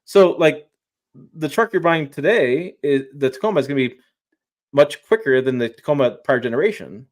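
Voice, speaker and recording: A man's voice: fairly high pitch, normal speed. A man speaking as a guest on a livestream, chatting casually and enthusiastically, with frequent restarts and rambling asides. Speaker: guest truck reviewer.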